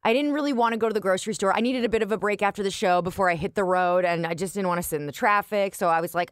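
A woman's voice: mid-range voice, rapid-fire, few pauses, no room sound. A woman co-hosting a radio show, telling a story in casual banter with lots of laughter and acted-out voices. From Canada. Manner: animated, laughs often, acts out voices in her stories. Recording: dry studio sound.

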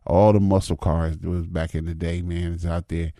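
Man, 50s, very low voice, dry close sound; easygoing folksy storyteller. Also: little pitch movement, moderate pace, mellow, dry recording. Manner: folksy, repetitive, says "man" and "you know what I mean". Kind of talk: casual storytelling monologue.

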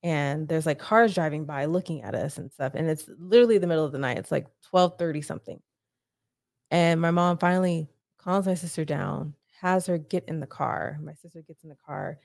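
Gravelly, blunt woman telling a story. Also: sits low, brisk, a little mellow, no echo, studio quality. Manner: blunt and profane, retelling with rising urgency. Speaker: podcast guest. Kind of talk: emotional personal storytelling.

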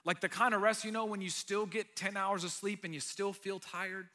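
A male pastor delivering a sermon with a fairly high, bright and forceful voice. He preaches earnestly, pressing hard on key lines and then dropping to a hushed, almost whispered tone. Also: steady tone, moderate pace. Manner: earnest, swings between loud emphasis and hushed near-whisper.

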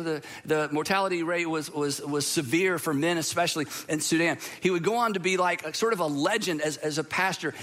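A middle-aged pastor from Georgia, preaching in a conversational, storytelling way. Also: male voice, high voice, sharp tone. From Georgia, USA. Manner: conversational storytelling, with repeats and restarts. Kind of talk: sermon.

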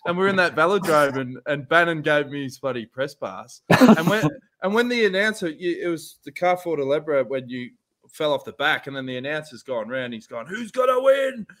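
Lively swearing man. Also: a little high, moderate pace. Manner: animated, swears, laughs through stories. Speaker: podcast host. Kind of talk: casual chat, storytelling.

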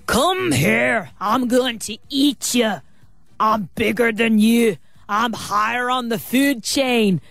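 A woman playing a big, hungry Scottish man with a put-on Scottish accent, drawing out slow threats on a radio show. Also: a little high, creaky, fairly bright tone, no echo, exaggerated voice. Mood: menacing.

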